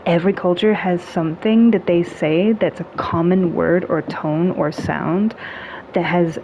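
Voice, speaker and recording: A woman talks in a casual, chatty way, full of "like"s and small humming sounds. Her voice sits a little low. The recording is dull and lo-fi with faint noise behind it. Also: unhurried, vocal fry. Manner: relaxed, chatty, heavy use of "like" and hums; playful with tone, acting out little sounds. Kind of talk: casual chat.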